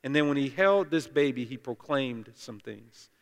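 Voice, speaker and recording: This lead pastor has a medium-pitched voice with lively intonation and a normal pace. He delivers a loose, conversational sermon, joking and talking directly to the congregation, while long church reverb fills the sanctuary.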